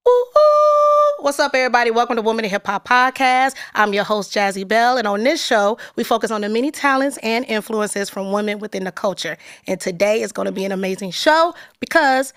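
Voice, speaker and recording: A woman's voice: on the high side, brisk, hardly any pauses, fairly bright tone, no room sound, studio quality. Enthusiastic woman podcast host. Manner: enthusiastic, effusive. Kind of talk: casual interview.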